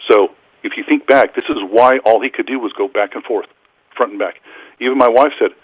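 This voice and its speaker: A man calling into a podcast as a doctor, explaining in a measured, authoritative way. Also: lowish voice, breathy edge, dry recording. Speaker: caller, physician. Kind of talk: call-in commentary. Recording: muffled phone-call audio.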